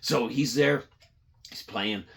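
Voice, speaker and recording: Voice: medium pitch, takes it slowly, creaky. A podcast host telling a crude, rambling, sarcastic comedic story. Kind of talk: profane comedic rant.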